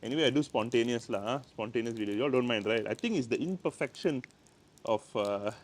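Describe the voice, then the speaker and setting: A man's voice: mid-range voice, fast talker, a little hiss or hum. Man, Malaysian English accent, playful casual teacher; spontaneous handheld-camera feel by a house door. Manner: chatty, playful, repeats words. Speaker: language teacher. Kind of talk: casual outdoor language lesson. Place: by the door of a house, outside in the rain.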